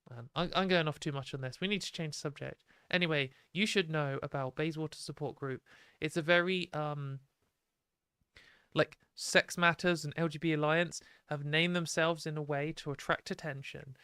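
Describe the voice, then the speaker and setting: A woman's voice: sits low, fairly even intonation, moderate pace, a bit bright, clean tone, dry recording, clean studio sound. A young British woman hosting a livestream, ranting in exasperated, sweary, sarcastic commentary. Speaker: livestream host.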